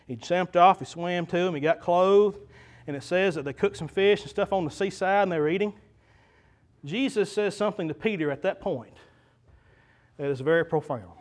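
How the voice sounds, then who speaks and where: Male pastor with a high voice, fervent folksy sermon delivery, lots of hesitant fillers.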